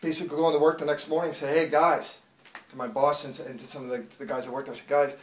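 A man's voice: fairly high pitch, little pitch movement, rapid-fire, far from the mic. Fervent man giving an echoey church testimony. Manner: fervent, builds to loud pleading prayers. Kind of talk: preached testimony.

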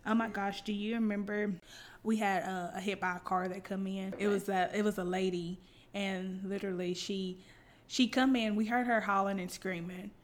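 A young woman co-hosting a podcast, telling funny work stories in casual chat, animated and laughing often. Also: medium pitch, moderate pace, slight background noise. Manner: animated, laughs often, acts out quoted voices. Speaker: podcast co-host, veterinary technician.

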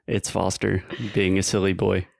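A man's voice: low-pitched, completely flat delivery, moderate pace, creaky, a little mellow, no echo, studio quality. A man co-hosting a casual podcast and teaching English, teasing his co-host and explaining pronunciation.

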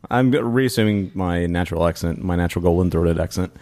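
A man with a West Texas accent co-hosting a podcast, joking in quick playful banter. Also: low-pitched, background noise. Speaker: podcast co-host. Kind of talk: casual chat.

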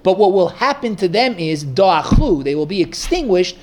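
A man's voice: sits high, sing-song, normal speed, a little hiss or hum. Man teaching a casual text class. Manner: thinking aloud, many restarts and fillers. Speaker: Torah teacher. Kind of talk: informal text study class.

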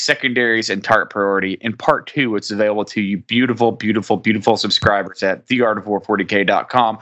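Bright-voiced joking podcast host man. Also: medium pitch. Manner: playful, joking introductions. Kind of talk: casual podcast banter.

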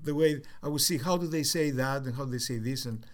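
Older man with a Cypriot accent. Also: mid-range voice. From Cyprus. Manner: halting, with many fillers and restarts. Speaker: interviewee. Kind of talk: reflective storytelling.

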